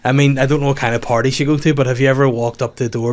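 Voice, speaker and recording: A young man with a Northern Irish accent tells a comic story on a podcast in a loose, chatty way. He laughs along as he goes and often jumps up into high, mocking voices to quote people. His voice sits at a middle pitch. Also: flat delivery, very fast. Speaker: podcast host. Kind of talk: casual comedic storytelling.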